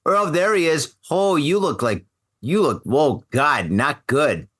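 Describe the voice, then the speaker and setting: A man's voice: a little high, animated, slow pace, fairly bright tone, husky. A middle-aged man hosting a casual live podcast over a video call, rambling, joking and repeating himself. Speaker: podcast host.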